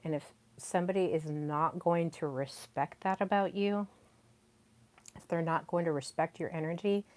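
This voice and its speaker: A woman hosting a solo podcast, talking softly and deliberately with many pauses. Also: on the low side, steady tone. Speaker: podcast host. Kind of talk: solo podcast talk on communication.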